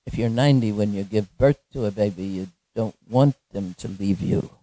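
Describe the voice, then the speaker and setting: A woman preaching a sermon, telling a story with lively, animated delivery and frequent laughter. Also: a bass voice, moderate pace, no room sound.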